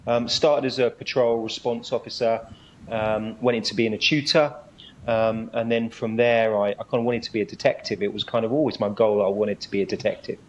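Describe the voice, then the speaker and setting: Cop guest on a video call, friendly and agreeable, bit dull and lo-fi, faint hiss. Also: male voice, fairly low pitch, fairly even intonation, fairly quick. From United Kingdom. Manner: friendly, affirming, hesitant with ums. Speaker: guest police inspector. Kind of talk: casual interview chat.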